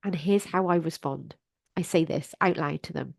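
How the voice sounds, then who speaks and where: A woman's voice: deep voice, moderate pace, vocal fry, no room sound. A middle-aged woman hosting a solo advice podcast as a life coach, talking in an earnest, encouraging and direct way.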